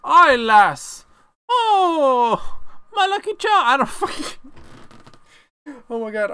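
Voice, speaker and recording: A young man giving excitable play-by-play commentary on a video game wrestling match, casually swearing. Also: fairly high pitch, slight background noise. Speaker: gameplay commentator.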